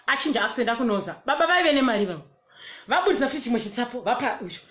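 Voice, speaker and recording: A woman with a Zimbabwean accent tells a personal story in a casual, animated way and acts out the quotes. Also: on the high side, a little fast, long pauses, reverberant. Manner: animated, switches between English and Shona, acts out quotes. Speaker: storyteller vlogger.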